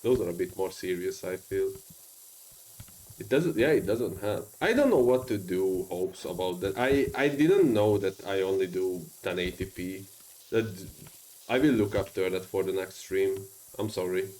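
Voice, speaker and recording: A man's voice: low voice, expressive, normal speed, darkish tone, low-quality recording. Rambling streamer man with strong accent. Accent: non-native English. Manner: rambling, many fillers and restarts. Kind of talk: casual gaming stream chat.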